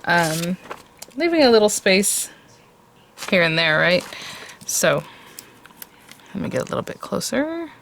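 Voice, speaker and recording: A woman's voice: lowish voice, very animated, measured pace, vocal fry, pauses often, a bit bright, slight background noise. A woman hosting a craft tutorial, chatting casually and thinking aloud as she works.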